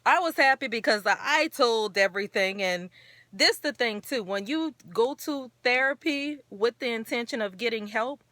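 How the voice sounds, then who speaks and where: A woman's voice: a little high, expressive, normal speed, sharp tone, dry recording. A woman hosting her own talk show, speaking earnestly and encouragingly in a rambling, casual way. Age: adult parent. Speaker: show host.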